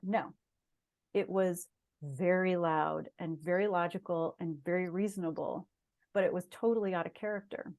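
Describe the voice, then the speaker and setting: A woman's voice: fairly low pitch, measured pace, darkish tone. A middle-aged woman, a guest on an interview show, earnestly telling a personal story in casual conversation. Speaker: guest, shaman and massage therapist.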